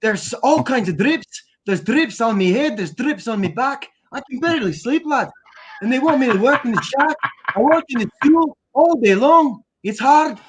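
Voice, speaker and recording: A man's voice: extremely high pitch, animated, normal speed, breathy edge, full character voice, poor audio. A man putting on a Scottish accent to voice a sweaty, grumbling school janitor who rambles through his complaints.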